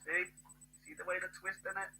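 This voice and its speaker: A man in a rambling, agitated monologue, swearing and bursting into shouts. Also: high voice, level tone, brisk, husky, soft background music, poor audio.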